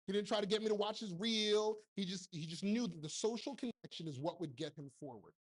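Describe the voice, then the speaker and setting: On stage before a live audience, a fortysomething TV producer and keynote speaker jokes bluntly through a motivational talk and keeps tossing out rhetorical questions. He holds a handheld mic, and his high voice moves fairly quickly.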